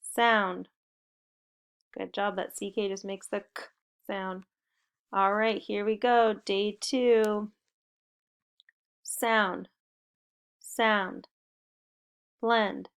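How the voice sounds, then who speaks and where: A woman's voice: mid-range voice, steady tone, extremely slow, pauses often, clean tone. A woman teaching a spelling lesson to young children, giving upbeat and encouraging step-by-step instructions. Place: home recording.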